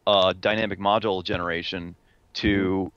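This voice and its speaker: A man's voice: sits low, little pitch movement, normal speed, a bit bright, smooth, dry recording, dull audio. A man talking through a technical point in casual panel chat, with many restarts and fillers. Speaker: podcast panelist.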